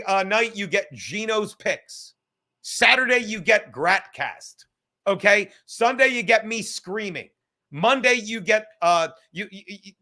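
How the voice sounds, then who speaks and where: A man with a high, bright voice, chatting on a livestream show. He rambles and gets worked up, swears freely and laughs a lot. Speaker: podcast host. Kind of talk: casual profane livestream chat.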